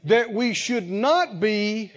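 A male pastor preaching a sermon, speaking slowly and with emphasis, pausing to let the congregation fill in key words. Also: high-pitched, expressive. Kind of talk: sermon with call-and-response. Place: church sanctuary. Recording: lo-fi with long hall reverb.

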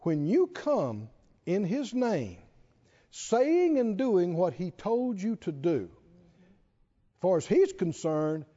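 A man preaching a sermon, animated and laughing often, drawing call-and-response from the congregation. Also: high-pitched, slow. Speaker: pastor. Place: large church hall with congregation. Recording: dull lo-fi hall recording.

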